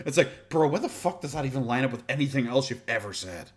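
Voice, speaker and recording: An Irish man talks over a video in casual reaction commentary. His voice sits at an ordinary pitch, and his tone is sarcastic and salty, with frequent swearing and laughter. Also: a little fast, few pauses, a little hiss or hum. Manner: sarcastic, profane, laughs often.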